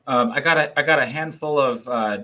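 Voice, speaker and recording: A man's voice: mid-range voice, fairly quick, bright, forceful tone. Friendly joking podcast host man. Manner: friendly, joking, repeats words when starting sentences. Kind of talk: casual interview chat.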